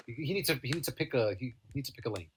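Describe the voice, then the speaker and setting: A man's voice: medium pitch, slight background noise. A man co-hosting a comic podcast, chatting casually, laughing and restarting his sentences. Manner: lively, laughs, halting restarts. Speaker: co-host. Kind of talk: casual chat.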